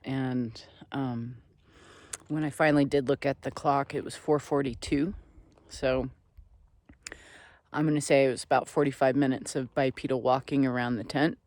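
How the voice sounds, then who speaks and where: A man vlogging outdoors at a desert campsite on a ridge, speaking in a slow, earnest, meandering way that sometimes sinks to soft near-whispers. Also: mid-range voice, steady tone, dry recording. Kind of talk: reflective spiritual vlog talk.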